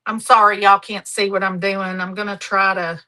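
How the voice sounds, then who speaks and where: A woman's voice: mid-range voice, little pitch movement, moderate pace, sharp tone, poor audio. A middle-aged woman hosting a live craft demonstration, chatty, homey and affectionate. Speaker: craft show host.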